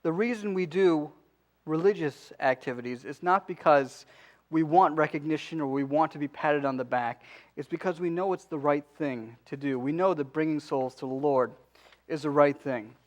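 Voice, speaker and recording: A man's voice: a little high, normal speed. A man in his forties giving a conversational sermon in a church, pleading with the congregation and adding many asides. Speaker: pastor. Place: church sanctuary.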